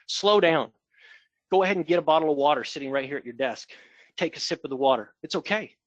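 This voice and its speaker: A man training a sales agent, coaching and demonstrating how to pitch on a call. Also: lively intonation, fast, dry recording, dull audio. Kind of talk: coaching a role-play call.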